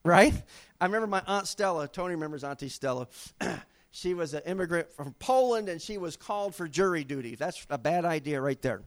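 A middle-aged pastor preaches with real drive. His voice sits a little high for a man and climbs and drops sharply as he acts out stories and scripture, swinging from loud bursts to hushed, slow lines. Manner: animated storytelling with dramatic swings in pitch and loudness. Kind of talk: sermon.

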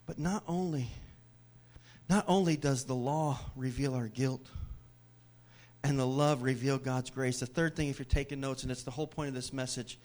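A man preaching a sermon in church as pastor, swinging from loud declarations to hushed whispers. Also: mid-range voice, steady tone, normal speed.

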